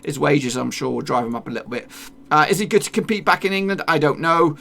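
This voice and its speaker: A man talks through a football lineup in a loose, rambling way, filling gaps with "uh" and restarting his sentences. His voice sits a little high, with a gravelly fry and a bright, forceful edge. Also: fairly even intonation, fast. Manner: chatty, rambling with many fillers and restarts. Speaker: football video creator. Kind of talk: casual football commentary over a team lineup.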